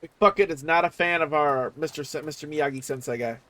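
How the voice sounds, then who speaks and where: A man's voice: a little high, a little fast, fairly bright tone. A young man streaming a video game, cursing and joking casually while reading the game text aloud. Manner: profane, joking, often laughing, reads game text aloud. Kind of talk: casual gaming livestream commentary.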